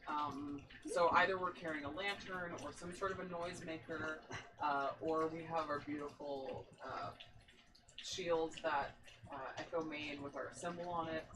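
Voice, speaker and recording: A woman's voice: low voice, normal speed. A woman talking as a podcast guest, telling a story in casual chat, full of enthusiasm and frequent laughter. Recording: distant mic with noticeable background noise.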